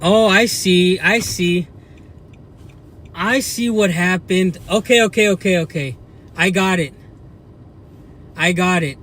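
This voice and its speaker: A man's voice: high voice, slow pace, long pauses, a bit bright. A young man with a Mexican American accent, ranting back at commenters during a live stream, combative and mocking. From United States. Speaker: livestream vlogger. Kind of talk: live-stream rant to chat.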